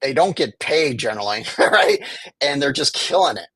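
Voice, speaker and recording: A man's voice: medium pitch, lively intonation, moderate pace, a bit bright, breathy edge, no room sound, poor audio. Impassioned man with a dry sound. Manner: impassioned, argumentative, acts out quoted officials. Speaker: homelessness advocate guest. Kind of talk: conversational interview.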